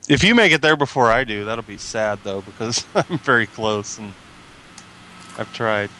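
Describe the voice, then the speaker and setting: A man's voice: lowish voice, lively intonation, normal speed, sharp tone. A man chatting casually with friends, joking and bantering crudely. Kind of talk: casual chat.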